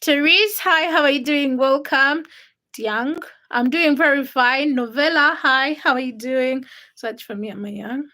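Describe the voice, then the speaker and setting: Woman livestream host from Uganda, high bright voice, chatty and friendly, reading and answering comments from home. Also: unhurried. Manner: chatty, greets viewers by name, answers comments. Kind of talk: casual livestream chat greeting viewers.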